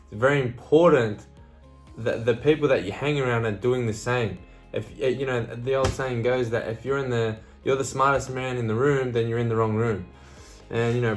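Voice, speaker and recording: Blunt, swearing motivational man. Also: mid-range voice. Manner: blunt, swears freely, repeats "right?" and "you know". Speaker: motivational speaker. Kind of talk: casual motivational talk to camera.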